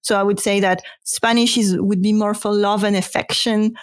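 A woman whose first language is French, a French teacher explaining her views in a thoughtful, unhurried way with frequent ums. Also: medium pitch, fairly even intonation, no room sound. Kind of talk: casual panel conversation.

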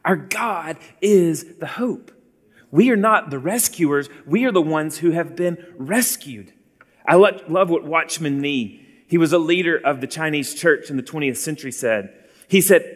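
A man's voice: a little high, measured pace, big-room sound. A man in his forties preaching an earnest sermon, calling his listeners beloved.

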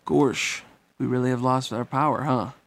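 A man's voice: mid-range voice, steady tone, moderate pace, close to an everyday voice. Man reading as Goofy, a mild dopey dog knight. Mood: miserable. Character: gentle goofy male cartoon dog knight. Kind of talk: amateur audiobook reading.

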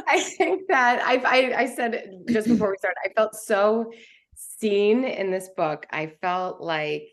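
A middle-aged woman talking on a podcast about a book, emotional and halting, often restarting her sentences. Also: on the high side, animated. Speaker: podcast panelist. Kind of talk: casual podcast book discussion.

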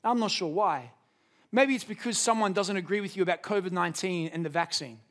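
A man's voice: sits high, a little fast, fairly bright tone. Emphatic preacher man. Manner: storytelling, rises to emphatic peaks. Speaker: pastor. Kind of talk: sermon.

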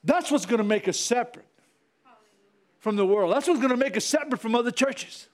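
Pastor, male, fiery sermon delivery, very high and lively pitch. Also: a little fast. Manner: fiery preaching with repetition and calls to the congregation.

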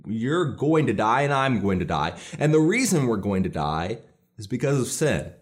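A man's voice: mid-range voice, sing-song, normal speed. Earnest man preaching a sermon. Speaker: pastor.

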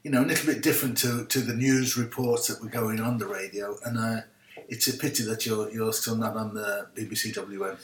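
An older Irish man, a guest caller, telling a lively anecdote in casual chat. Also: fairly low pitch, fairly quick. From Ireland. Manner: chatty, animated, laughing anecdote teller. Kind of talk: casual storytelling. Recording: roomy, distant remote line.

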